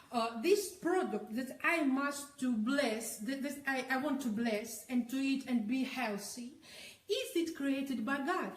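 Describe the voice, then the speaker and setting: A woman's voice: high voice, reverberant, recorded from a distance, rough recording. A woman asking a pastor questions in hesitant, giggly English with many restarts, English not being her first language. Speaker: interviewer. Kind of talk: casual conversation.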